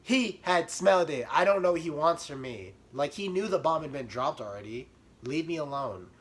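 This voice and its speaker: Animated young man telling a comic story. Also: on the high side, moderate pace. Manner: animated, self-mocking, exaggerated. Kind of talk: comedic storytime.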